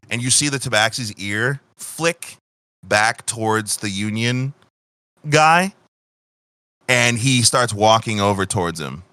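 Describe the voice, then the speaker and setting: A man's voice: fairly low pitch, expressive, takes it slowly, pushed and bright, no room sound. A man narrating a tabletop game as game master, loose and profane, often restarting sentences.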